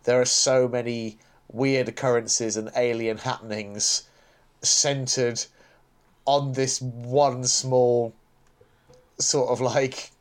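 A man's voice: medium pitch, little pitch movement, takes it slowly. A man co-hosting a podcast in casual chat, talking with frequent stumbling restarts and light chuckles. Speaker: podcast co-host.

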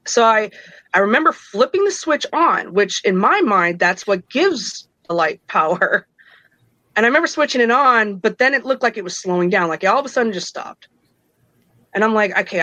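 A woman's voice: medium pitch, fairly bright tone, dry recording, rough recording. A woman in her thirties casually telling a personal story, acting out the voices of others and laughing between lines. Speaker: guest telling her own experiences.

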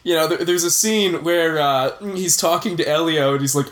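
A man's voice: on the high side, moderate pace, a bit bright, slight background noise. A man, a returning guest on a film review podcast, talking in an easygoing way with many fillers and repeated words. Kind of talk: casual film review chat. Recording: roomy echo.

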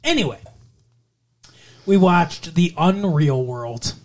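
A man's voice: fairly high pitch, animated, slow. Rambling male podcast host. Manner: rambling, trails off and self-corrects. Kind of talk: casual chat.

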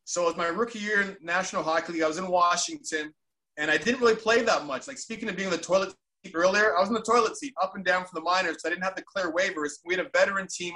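Animated, bright-voiced man telling a story. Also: high voice. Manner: animated, acts out quotes with voices. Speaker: former pro hockey player, podcast co-host. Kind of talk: casual storytelling chat.

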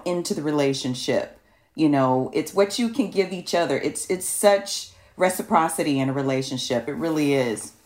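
A middle-aged woman hosting a casual chat. She speaks earnestly and laughs often while telling stories. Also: low voice. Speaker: podcast host.

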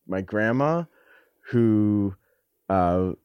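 A man's voice: on the low side, expressive, smooth, no echo, lo-fi sound. Reflective man telling a personal story. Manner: reflective, halting, with frequent restarts and casual swearing. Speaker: podcast guest. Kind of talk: candid conversational storytelling.

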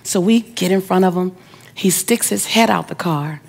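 A woman's voice: lowish voice, moderate pace, creaky. A middle-aged woman giving an inspirational speech, telling a personal story with emphatic repetition and speaking straight to her audience. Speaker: motivational speaker.

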